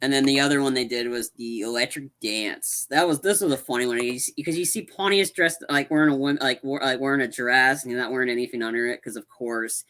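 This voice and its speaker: Bright-voiced rambling podcast co-host. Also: medium pitch, fairly quick, hardly any pauses. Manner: rambling plot recap full of "like". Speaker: movie review podcast co-host. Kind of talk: casual chat.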